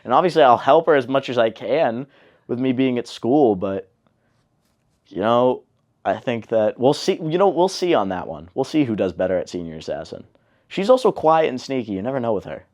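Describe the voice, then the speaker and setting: A young man in an interview, telling a family story in a relaxed, chatty way with lots of fillers. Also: mid-range voice, moderate pace. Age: young adult. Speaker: interviewee, older brother.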